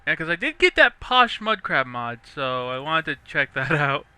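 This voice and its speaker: Young dude rambling over his game, super bright clear voice, bit high. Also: very animated, normal speed, no room sound. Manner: rambling, chatty, laughs often. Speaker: let's play host. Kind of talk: casual gameplay commentary.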